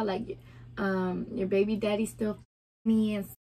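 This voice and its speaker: A woman's voice: medium pitch, little pitch movement, moderate pace, mellow, slight background noise. Chatty young woman telling a story. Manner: chatty, lots of "like" and quoted dialogue. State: heavily pregnant. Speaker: vlogger. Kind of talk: casual story time.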